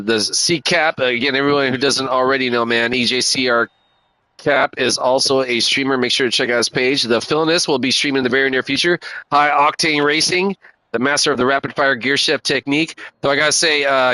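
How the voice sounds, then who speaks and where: Laid-back bright-voiced streamer guy. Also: mid-range voice, no room sound, low-quality recording. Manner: laid-back, slangy and profane, calls everyone dude and man. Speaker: racing game streamer. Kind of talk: casual live-stream chat.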